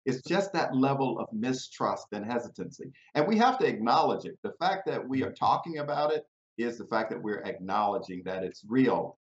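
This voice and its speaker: A man speaking as a guest in an interview over a video call, measured and conversational, drawing on personal experience. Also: on the low side. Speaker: guest, head of a national cities organization. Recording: dull, roomy video call audio.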